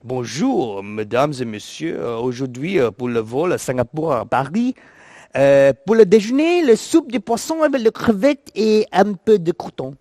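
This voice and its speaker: A man's voice: a little high, very animated, moderate pace, a little mellow, no room sound, studio quality. A man voicing a suave male French flight attendant who drawls out an in-flight menu announcement.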